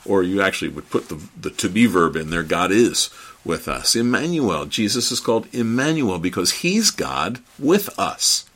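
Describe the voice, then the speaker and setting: A man preaching a sermon in an earnest, halting way, often repeating words as he builds each point. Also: on the low side, sing-song, fairly bright tone.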